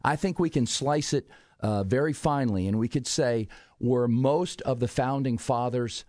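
A man appearing as a history guest on a radio talk show, explaining in a measured way and posing rhetorical questions. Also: medium pitch, a little mellow, no room sound, clean studio sound. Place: radio studio.

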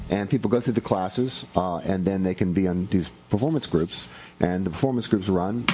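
A man's voice: low voice, dark tone, poor audio. A man who runs an improv school, explaining it at length on a radio show, with many fillers.

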